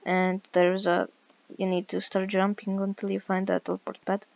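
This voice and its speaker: A woman's voice: mid-range voice, completely flat delivery, moderate pace, creaky, dull audio. A woman giving casual, hesitant gameplay commentary with many fillers while walking through a game. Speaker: game walkthrough creator.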